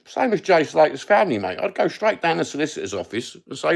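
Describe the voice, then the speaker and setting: A man's voice: fairly high pitch, sing-song, fast, creaky. A man with a Cockney accent hosting a livestream, chatting casually and rambling between topics with plenty of swearing. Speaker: livestream host.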